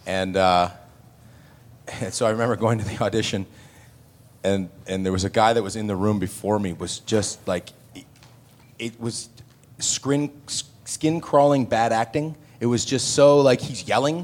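A man's voice: fairly low pitch, moderate pace. A man on a convention panel telling anecdotes, acting out other people's voices as he goes. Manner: animated anecdotes with acted-out voices. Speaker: panel guest actor.

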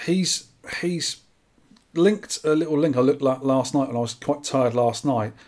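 A man co-hosting a podcast in casual chat, quick and jokey banter. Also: medium pitch, a little mellow. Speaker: podcast co-host.

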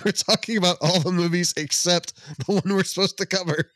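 A man's voice: high voice, normal speed, fairly bright tone, no echo. A man co-hosting a casual podcast, reading listener comments, laughing often and tripping over his own restarts. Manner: laughing and self-deprecating, stumbling over restarts.

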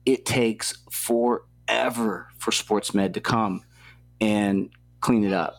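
A young man with a slightly low-pitched voice tells a story as an interview guest. He rambles casually, swears freely and fills his sentences with "like" and "you know.". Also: steady tone, slow, vocal fry. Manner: profane, loose, heavy on filler words. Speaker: athlete guest.

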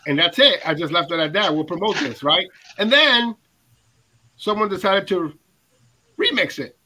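A man's voice: high-pitched, animated, moderate pace, sharp tone, rough recording. A man hosting a casual music panel, enthusiastic and chatty with frequent fillers. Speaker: radio countdown host.

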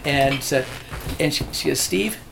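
A real estate agent casually recounting a deal with a client, rambling with restarts and acting out quotes. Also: male voice, medium pitch, moderate pace, background noise. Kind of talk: casual storytelling.

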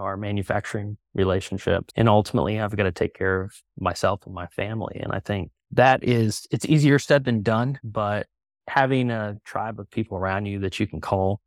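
A middle-aged man talking casually as a podcast guest, relaxed and full of fillers. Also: lowish voice, dry recording, clean studio sound. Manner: relaxed, conversational, many fillers. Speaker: guest, company co-founder.

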